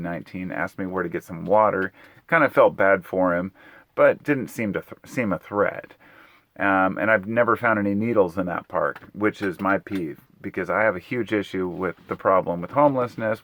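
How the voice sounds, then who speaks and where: A middle-aged man casually retelling a personal story in a rambling, animated way, acting out the quotes. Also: low voice, dull audio. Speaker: vlogger telling a personal story.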